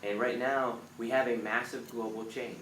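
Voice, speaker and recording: A man hosting a live motivational talk, earnest and animated, now and then acting out panicked voices. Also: medium pitch, moderate pace. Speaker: live stream host. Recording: roomy, from a distance, faint background noise.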